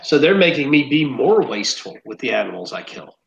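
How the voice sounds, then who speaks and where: Chill rambling dude on a podcast, echoey room sound. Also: male voice, mid-range voice, very animated, a little fast, creaky, muffled recording. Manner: laid-back, rambling, swears casually. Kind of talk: casual chat. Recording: roomy echo.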